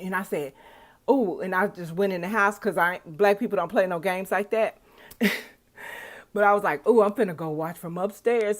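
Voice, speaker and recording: This gardening vlogger, a middle-aged woman, talks about her garden in a relaxed, joking way, swearing freely as she tells her stories. Her mid-range voice has a fairly bright tone, recorded dry while she's outside in a home garden.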